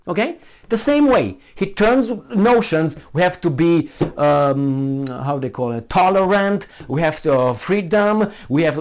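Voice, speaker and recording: A man's voice: on the high side, darkish tone. A man speaking English as a second language, giving a blunt, rambling opinion monologue with frequent restarts and swearing. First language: not English. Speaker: commentator.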